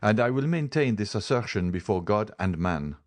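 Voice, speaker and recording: A man voicing a grave, stern doctor who explains in a measured, insistent way in an audiobook reading. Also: on the low side, lively intonation, voice pushed up, lightly acted. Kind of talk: audiobook character voice.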